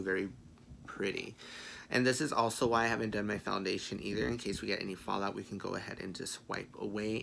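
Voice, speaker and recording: A man chatting through a makeup tutorial in a sassy, playful way, swearing freely and muttering quiet asides to himself. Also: lowish voice, gravelly, slight background noise. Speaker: makeup vlogger.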